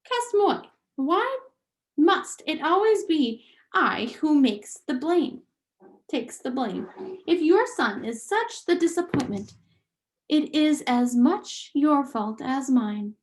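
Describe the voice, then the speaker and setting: A haughty, vain French mother mouse, put on by a woman reading aloud. She speaks in a high, lilting voice with a put-on French accent and unhurried, exasperated phrasing. It is a storybook character, theatrical and dismissive. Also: animated. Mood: indignant.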